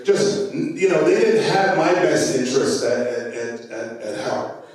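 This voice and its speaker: Jamaican man, motivational conference speech, slightly high voice, very echoey hall, distant mic. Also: unhurried. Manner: conversational and warm-hearted, frequent fillers and repeated words. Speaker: conference speaker.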